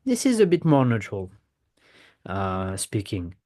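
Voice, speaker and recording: A man who speaks natively, teaching a casual language lesson in English. He explains patiently, repeats himself for emphasis, and demonstrates questions with a clear rising tone. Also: fairly low pitch, wildly swooping pitch, a little slow, warm tone. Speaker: French teacher.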